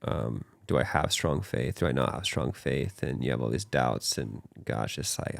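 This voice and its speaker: A man's voice: extremely low pitch, normal speed, vocal fry, no room sound. A young man hosting a podcast, talking earnestly about faith in a casual chat. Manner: earnest, animated, talks with his hands in quoted voices. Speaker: podcast host.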